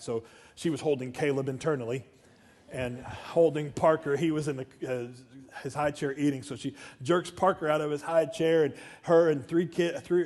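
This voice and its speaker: A middle-aged man, preaching a sermon as pastor and telling a story with swings from quiet talk to shouting. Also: mid-range voice. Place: church sanctuary.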